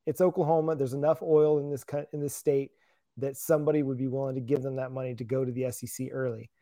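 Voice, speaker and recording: A man's voice: medium pitch, level tone, fast talker, mellow, dry recording, studio quality. A man co-hosting a casual sports talk show, laid-back and self-deprecating.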